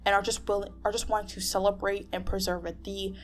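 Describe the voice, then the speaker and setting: A woman's voice: mid-range voice, flat delivery, fast talker, a little hiss or hum. A woman talking straight to camera in a casual vlog, exasperated and full of restarts. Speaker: vlogger.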